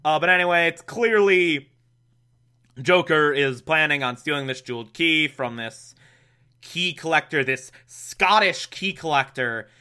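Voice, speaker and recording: Young male host, casual sarcastic recap, slightly high bright voice. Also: smooth. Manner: sarcastic, laughs often, does quick mock voices. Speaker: podcast host recapping a show.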